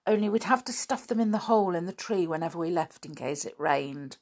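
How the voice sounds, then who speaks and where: A woman reading the part of an excitable schoolgirl who eagerly chimes in. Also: fairly low pitch, a little fast.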